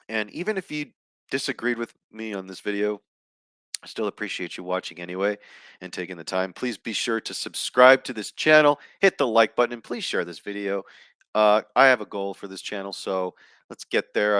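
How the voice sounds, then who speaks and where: A man's voice: sits low, fairly bright tone, smooth, no echo. A man chatting loosely and enthusiastically on camera as a video reviewer, with plenty of fillers and restarts. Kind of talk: casual chat.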